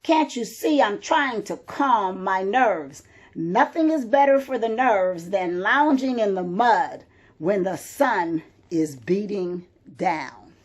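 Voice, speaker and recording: A woman's voice: medium pitch, animated, takes it slowly. A woman voicing a lazy pig in the mud who frets about its nerves and wants no bad news. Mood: fretful. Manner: fretful, self-indulgent.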